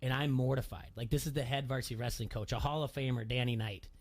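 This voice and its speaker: Chatting casually on his sports radio show, this middle-aged host tells a story in a quick-paced, mid-range voice. He gets especially animated when repeating what other people said.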